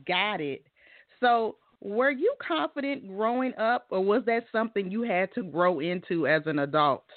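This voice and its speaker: A woman's voice: mid-range voice, expressive, normal speed, no echo. A woman hosting a podcast interview. She reads a scripted intro and then asks friendly questions. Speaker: podcast host. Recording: dry, phone-like sound.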